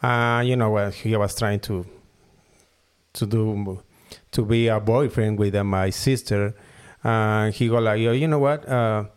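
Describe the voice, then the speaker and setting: A man from Mexico whose first language is Spanish, speaking halting English with a Mexican accent as a guest in a casual interview, often repeating words as he searches for them. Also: lowish voice, fairly even intonation, clear, resonant tone. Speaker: guest falconer and hood maker.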